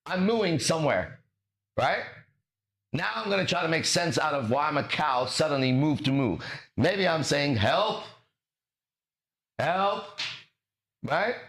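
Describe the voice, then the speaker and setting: A man's voice: fairly high pitch, expressive, normal speed, fairly bright tone. A man hosting a motivational talk, emphatic and preachy, who swears and stumbles over words as he explains. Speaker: podcast host. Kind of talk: motivational conversation.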